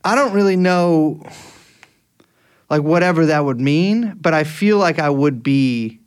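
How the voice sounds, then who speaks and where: A man's voice: a little high, a little slow, smooth. A man co-hosting a podcast, chatting casually with jokes and some swearing. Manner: animated, jokey, swears casually. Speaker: podcast co-host.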